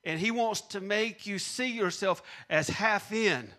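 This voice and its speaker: A man's voice: high voice, unhurried, pushed and bright. A man preaching a sermon, repeating punchlines and leading call-and-response with the congregation. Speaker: pastor.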